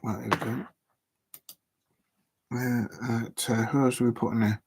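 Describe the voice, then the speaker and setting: A man's voice: mid-range voice, little pitch movement, unhurried, noisy background. Rambling man on a live football stream. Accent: South London English. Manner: rambling, muttering to himself while typing. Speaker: football watch-along streamer. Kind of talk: casual live-stream chat.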